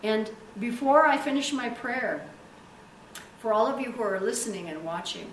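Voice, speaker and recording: A woman's voice: a little high, animated, moderate pace. A woman pastor preaching a sermon and leading prayer, emphatic and stretching key words for effect. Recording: echoey room, distant mic, faint hiss.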